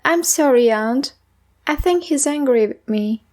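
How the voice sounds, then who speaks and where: A woman voicing a young girl with a bright, playful manner. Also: high voice, animated, measured pace. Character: young girl, teasing then apologetic.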